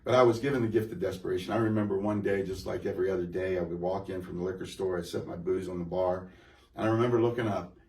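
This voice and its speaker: A man telling his personal testimony in a halting, rambling way, full of restarts and fillers. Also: sits low, steady tone, darkish tone. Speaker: guest giving a testimony. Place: church room. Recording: echoey room, mic at a distance.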